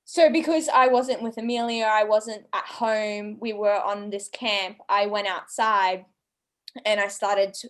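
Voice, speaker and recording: A woman in her twenties telling a story in a relaxed chat, acting out other people's lines with big jumps in her voice. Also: a little slow. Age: 20s. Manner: animated, acts out quoted voices with big pitch jumps. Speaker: channel co-host, guest. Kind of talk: casual storytelling.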